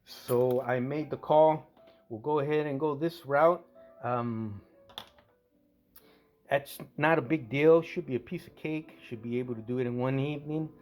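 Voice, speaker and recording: A man's voice: medium pitch, a little slow, darkish tone, faint music behind. A man casually narrating a scale model tank restoration, rambling and correcting himself as he goes. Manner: rambling, self-correcting, conversational.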